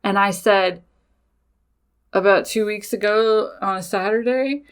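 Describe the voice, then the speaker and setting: Animated, swearing woman telling her story. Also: medium pitch, measured pace, smooth. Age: adult with children. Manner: animated, swears freely, talks straight to listeners. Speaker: podcast host. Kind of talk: casual personal storytelling.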